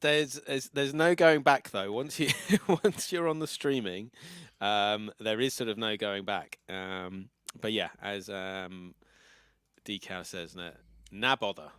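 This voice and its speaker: A man hosting a casual podcast chat, relaxed and playful, often ending his thoughts with a tag question. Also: on the low side, takes it slowly, clear, resonant tone, no room sound, studio quality. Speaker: podcast host.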